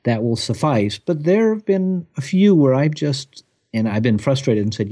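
A man, a photographer, answering interview questions in a relaxed, thoughtful way, laughing easily. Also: medium pitch, normal speed. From United States.

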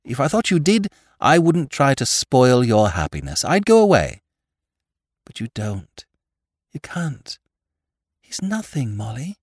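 A man's voice: mid-range voice, huge pitch swings, unhurried, pauses often, no room sound, clean studio sound, pitched above the performer's own voice. A man reading aloud voices an ardent young man who speaks urgently and with rising passion. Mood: impassioned. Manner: urgent, pressing, growing impassioned.

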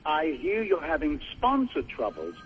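A man voicing a fussy, theatrical, old-fashioned gentleman caller with affected phrasing on a comedy podcast. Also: on the high side, wildly swooping pitch, measured pace. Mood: pompous. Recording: muffled phone line with faint hiss.

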